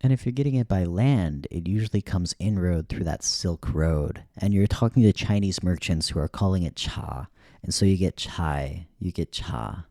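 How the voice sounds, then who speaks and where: A man's voice: low-pitched, moderate pace, warm tone, dry recording, studio quality. A man hosting a solo podcast, talking casually and thinking aloud with frequent restarts. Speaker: podcast host. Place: living in China.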